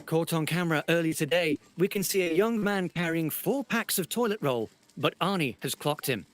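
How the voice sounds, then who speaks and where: Man, measured mock news narrator, slightly high pitch. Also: expressive. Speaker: reporter host.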